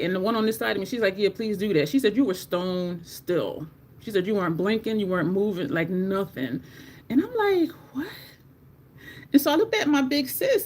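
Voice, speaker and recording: A beauty vlogger chats casually while doing her makeup, telling an animated story. She swears a lot, and her voice leaps into high squeaks whenever she quotes herself.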